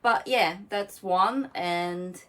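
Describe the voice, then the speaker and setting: A woman co-hosting a casual podcast chat, animated and fidgety, who swears and laughs as she talks. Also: on the low side, slow pace, distant mic, rough recording. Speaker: podcast co-host.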